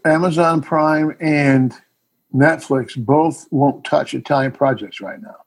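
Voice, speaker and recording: A man's voice: fairly high pitch, slow, breathy edge. A middle-aged man, a filmmaker guest in a casual interview, telling a story animatedly and acting out the scenes.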